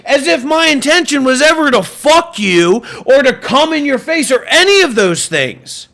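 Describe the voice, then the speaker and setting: A man's voice: extremely high pitch, very animated, normal speed, vocal fry, bright, forceful tone. A man hosting a livestream, ranting in an intense, profane and combative way. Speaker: livestream host, former monk. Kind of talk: livestream rant.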